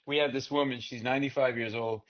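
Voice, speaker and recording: A man who is a comedian guest, telling comic stories in an animated, rapid way with frequent "right?" asides. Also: medium pitch. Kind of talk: comic storytelling. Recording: dull lo-fi sound.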